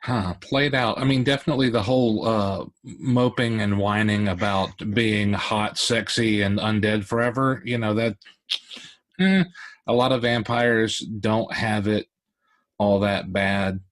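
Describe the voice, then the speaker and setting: A man's voice: on the low side, a little slow. A rambling man thinking aloud on a panel. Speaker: author on a panel. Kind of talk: casual panel discussion.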